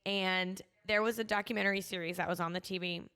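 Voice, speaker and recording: A woman's voice: medium pitch, fast talker, clear, resonant tone. A woman, co-hosting a casual podcast and telling stories with lots of laughter. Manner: animated storytelling with frequent laughter. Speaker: podcast co-host. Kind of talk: casual chat.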